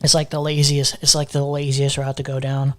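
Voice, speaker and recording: Flat-voiced male reaction streamer. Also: medium pitch, fairly quick. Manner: critical, flat delivery, repeats phrases. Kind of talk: live reaction commentary.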